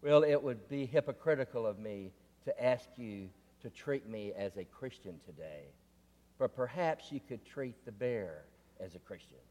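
A man's voice: medium pitch, lively intonation, measured pace, a little mellow, long reverb tail, lightly acted. A man doing a wry, cornered atheist. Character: clever frightened atheist man bargaining.

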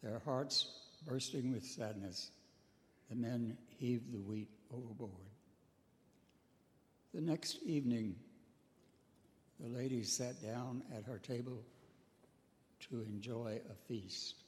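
A man telling a moral tale as a sermon, measured and solemn, with dramatic pauses, and acting out a captain's lines. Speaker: storyteller, preacher. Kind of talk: storytelling sermon. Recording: echoey hall with faint rumble.

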